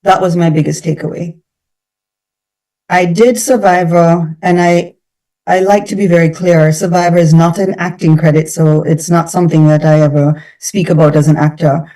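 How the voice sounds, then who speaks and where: A woman with a Jamaican accent, a guest actress in a radio interview, speaking in a thoughtful, measured way with frequent restarts. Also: on the low side, steady tone, mellow. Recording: distant from the microphone.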